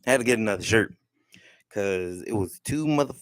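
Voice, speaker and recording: A man's voice: on the low side, lively intonation, fairly quick, no room sound. A young man hosting his own live stream, talking loosely and joking with plenty of swearing. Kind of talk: casual livestream talk. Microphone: headphones with mic.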